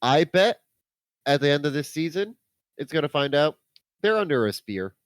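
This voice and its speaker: Joking man with a lively voice. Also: fairly high pitch, normal speed, no room sound. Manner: joking, riffing with deadpan gags. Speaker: podcast co-host. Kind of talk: casual movie podcast chat.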